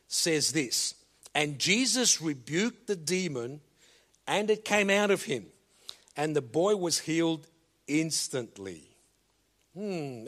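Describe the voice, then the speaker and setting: Slow, emphatic older man preaching. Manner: slow and emphatic, swinging between loud commands and low asides. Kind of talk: sermon.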